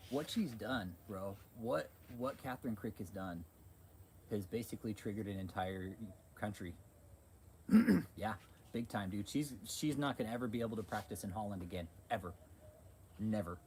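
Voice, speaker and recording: A man's voice: on the low side, moderate pace, darkish tone, a little hiss or hum. A man hosting a livestream, ranting in a heated, profane, repetitive way. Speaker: channel host.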